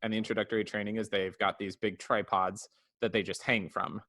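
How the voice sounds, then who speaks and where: A man's voice: lowish voice, brisk, no echo. Chatty man on a dry mic. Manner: animated retelling, acts out characters' lines. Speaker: podcast co-host. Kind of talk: casual podcast review chat.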